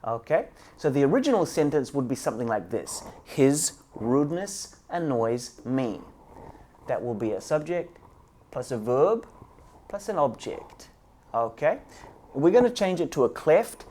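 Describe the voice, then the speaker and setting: A man teaching English grammar, walking through each point step by step. His pitch rises and falls with a lively, animated swing. He keeps turning to his students with a friendly "guys". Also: measured pace. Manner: explains step by step, often says "guys". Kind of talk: online grammar lesson.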